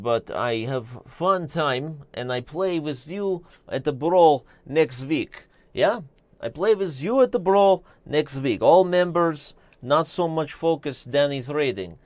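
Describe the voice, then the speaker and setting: A man's voice: mid-range voice, lively intonation, drawn-out words, pauses often, darkish tone, clear, resonant tone, no echo. A man putting on a broken-English persona while signing off a chess stream. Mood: playful. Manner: clipped broken grammar, sing-song questions.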